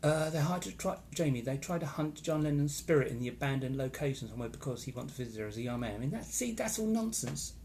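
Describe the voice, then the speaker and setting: A man chats casually on a live stream, weighing in with firm opinions and greeting viewers as their comments roll in. His mid-pitched voice carries a gravelly texture. A faint background hiss sits under the phone-style recording. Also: expressive, quick pace, hardly any pauses, darkish tone. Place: holiday location in Florida.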